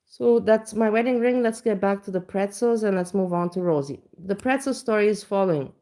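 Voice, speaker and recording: A woman's voice: mid-range voice, a little fast, dark tone. A woman vlogger chatting casually at home, telling a rambling, self-mocking story full of restarts. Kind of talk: casual reaction chat. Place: home kitchen.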